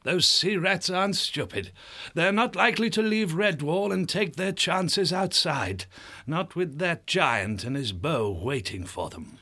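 A male narrator voicing an elderly, kindly abbot in an audiobook, gentle and fatherly as he reasons things through. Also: a little high, expressive, measured pace, pitched above the performer's own voice, full character voice. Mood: thoughtful. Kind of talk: audiobook character voice.

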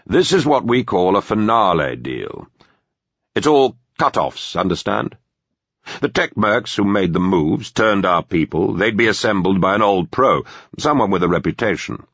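A man's voice: on the low side, expressive, fairly bright tone, husky, dry recording, muffled recording, pitched above the performer's own voice, heavily acted. Man playing a clinical security chief. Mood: explaining. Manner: measured and formal.

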